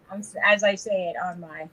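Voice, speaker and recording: A woman's voice: medium pitch, fairly even intonation, moderate pace, sharp tone, poor audio. A woman from New York with a New York accent, co-hosting a casual live-stream chat and telling stories between laughs. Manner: chatty, laughs often, tells stories. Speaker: co-host.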